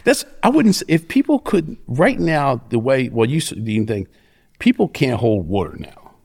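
A man's voice: mid-range voice, measured pace. A middle-aged man, telling stories as an interview guest in a profane, cocky way. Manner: profane, cocky, animated storyteller. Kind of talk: casual storytelling.

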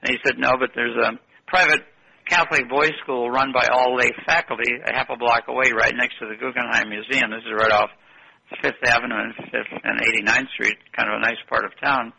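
A man's voice: mid-range voice, fairly even intonation, brisk, gravelly, sharp tone, a little hiss or hum, poor audio. An older man telling long, rambling stories in an interview and correcting himself as he goes. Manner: rambling, anecdotal, self-correcting. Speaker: guest. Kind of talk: interview storytelling.

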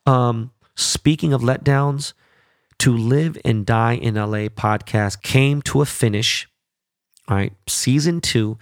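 A man hosting his podcast on his own, talking casually with a lot of swearing and animated, rambling asides. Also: mid-range voice, measured pace, no echo, studio quality. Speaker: podcast host. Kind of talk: casual solo podcast chat.

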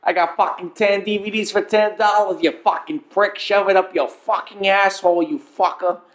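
A man's voice: high-pitched, steady tone, normal speed, a bit bright, pitched above the performer's own voice. A man putting on a New as a rude, swearing local hawking cheap goods. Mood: belligerent. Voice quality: abusive, gruff, swearing.

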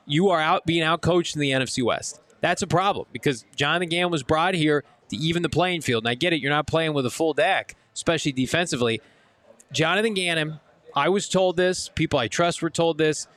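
A man's voice: fairly high pitch, fairly bright tone. A man hosting a live postgame sports talk show, delivering an emphatic, ranting critique at a casino watch party.

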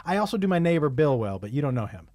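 Male host, playful and teasing; very lively pitch, dry close sound. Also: quick pace, no echo. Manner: playful, jokey, animated questioning. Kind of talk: casual interview chat.

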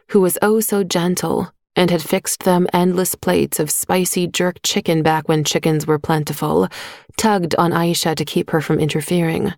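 A woman narrating a short story in a measured, even voice on a close microphone. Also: lowish voice, no echo. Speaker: audiobook narrator. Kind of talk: scripted narration.

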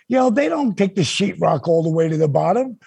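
A man with a raspy, gravelly voice telling an animated story in casual chat, acting out the quotes. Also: a little fast, no echo. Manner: animated, acts out quotes with big pitch jumps. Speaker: guest storyteller.

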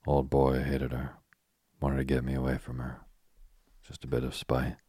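A man's voice: a bass voice, breathy edge, no echo, clean studio sound. A man reading as a glum young ex-soldier. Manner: soft, even, unhurried reading.

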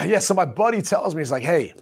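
A man's voice: high-pitched, expressive, fast, breathy edge. Rambling, laughing man telling a story. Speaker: co-host. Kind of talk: casual sports talk show chat.

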